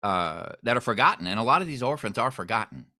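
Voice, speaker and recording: A man hosting an interview, telling a story with expressive swings in pitch and volume. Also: quick pace. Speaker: host.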